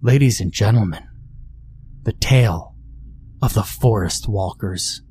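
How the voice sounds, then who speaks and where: A man voicing a wily, silver-tongued boy telling a scary campfire tale in a low, sinister voice. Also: unhurried, dark tone, slight background noise, lightly acted.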